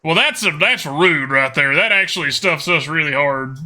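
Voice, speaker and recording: Male streamer, slightly high, very bright tone, chatty game commentary in a mock drawl. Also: expressive, normal speed. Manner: chatty, talks to chat viewers; jokingly put-on twangy drawl.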